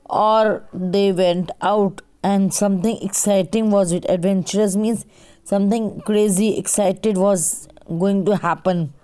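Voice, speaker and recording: A woman's voice: mid-range voice, fairly even intonation, a little slow, mellow, clear, resonant tone. A woman teacher, giving a class to young children, careful and patient, spelling words out letter by letter. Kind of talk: recorded online class for children.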